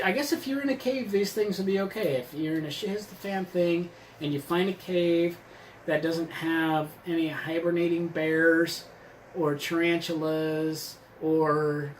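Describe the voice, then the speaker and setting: A man's voice: fairly high pitch, a little hiss or hum, rough recording. Rambling sarcastic man reviewing gear. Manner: rambling, sarcastic, swears freely. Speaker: vlogger reviewing a subscription box. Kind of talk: casual product review.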